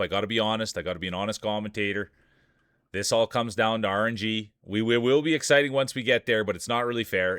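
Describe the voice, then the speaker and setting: A man's voice: fairly low pitch, pushed and bright, clear, resonant tone, no room sound, clean studio sound. A man hosting a live stream of marble races, commentating in playful, jokey announcer patter.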